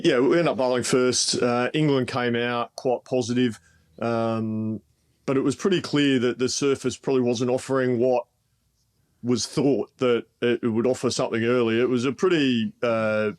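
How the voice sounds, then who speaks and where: Aussie guy co-host, mid voice, thinks out loud, lots of restarts. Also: mid-range voice. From Australia. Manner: measured and reflective, with hesitant restarts. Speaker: podcast co-host, former fast bowler. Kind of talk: casual podcast chat.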